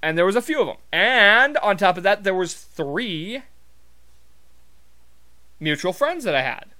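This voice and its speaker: A man's voice: sits high, very animated, measured pace, pushed and bright. A man from Montana telling a rambling, profane story in a casual, wry monologue full of fillers.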